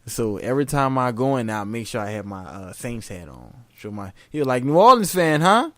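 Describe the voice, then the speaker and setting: Animated man telling stories, lively pitch. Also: brisk, no echo. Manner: animated storyteller, acts out quotes in a high voice. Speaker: podcast co-host. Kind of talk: casual chat.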